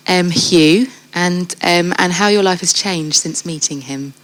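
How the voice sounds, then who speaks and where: Encouraging Englishwoman interviewer, lower voice. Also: a little slow, fairly bright tone. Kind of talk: friendly interview questions. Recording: noisy recording.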